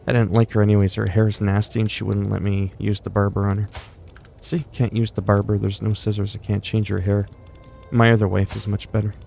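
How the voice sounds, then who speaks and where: Gravelly, profane man streaming a game. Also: fairly low pitch, level tone, brisk, warm tone, a little hiss or hum. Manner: brash, profane, mock-regal asides. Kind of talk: casual gameplay commentary. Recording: faint game music behind.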